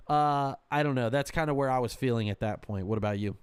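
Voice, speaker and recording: A man's voice: mid-range voice, quick pace, smooth, no echo. A man hosting a podcast in casual chat, blunt and swearing freely, often trailing off with ums. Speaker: podcast host.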